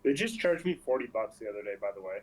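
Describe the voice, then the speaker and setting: A man's voice: mid-range voice, sing-song, quick pace, rough recording. A man chatting casually as a player at a tabletop game, joking and offhand. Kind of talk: casual chat.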